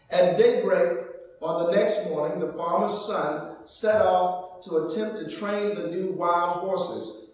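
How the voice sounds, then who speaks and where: A male pastor preaching a sermon, telling a story in a measured, slow way. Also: high voice, heavy reverb, far from the mic, rough recording. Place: church sanctuary.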